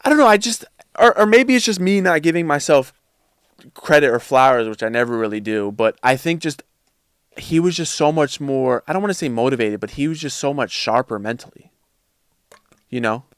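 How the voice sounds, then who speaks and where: A man's voice: medium pitch, animated, moderate pace, clear, resonant tone, dry recording, studio quality. A man talking casually as a podcast guest, reflective and searching for his words.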